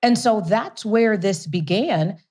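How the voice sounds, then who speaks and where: A woman being interviewed, telling a long story with lively energy. She laughs often between phrases and doubles up words for emphasis. Her voice sits at a middle pitch, neither high nor low. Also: slow pace. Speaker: guest, company CEO.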